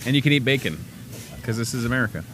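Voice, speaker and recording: A man's voice: medium pitch, racing, soft background music. A man hosting a live daily talk show, joking around in casual chat with his guests. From Chicago area. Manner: jokey, playful, animated.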